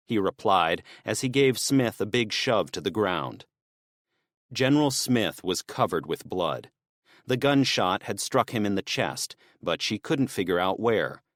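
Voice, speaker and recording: In this studio-quality clip with no echo, a man narrates an audiobook from a script. His voice is on the low side and his pace steady and measured.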